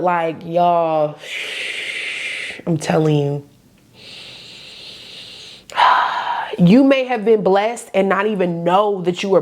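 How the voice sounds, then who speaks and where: A woman's voice: on the low side, darkish tone. Fervent woman teaching a Bible study. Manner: fervent, repeats lines for emphasis, addresses listeners as y'all. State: tearful at times. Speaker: faith-based life coach.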